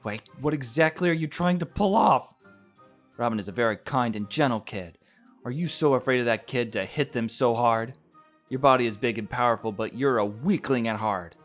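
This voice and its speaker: A man reading a visual novel aloud, voicing a gentle but bold young princess made of glass who speaks calmly, frankly and kindly. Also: mid-range voice, normal speed, soft background music, close to an everyday voice. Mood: scolding. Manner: calm, frank and kind.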